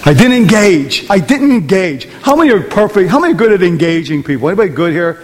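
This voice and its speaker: A man's voice: high voice, sing-song, quick pace, long reverb tail. A man preaching a conversational sermon in church, often asking the congregation rhetorical questions. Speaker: pastor. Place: church hall.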